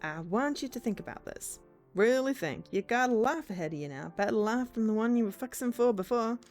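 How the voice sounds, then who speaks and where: A woman voicing a calm, caring angel guide in a put-on American accent, gentle and earnest, over faint game music. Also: fairly high pitch, brisk, close to an everyday voice. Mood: soothing.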